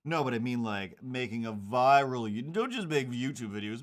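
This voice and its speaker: A man's voice: medium pitch, expressive, moderate pace. A man chatting casually while drawing comics on a stream, rambling with jokey mock outrage and slipping into silly voices.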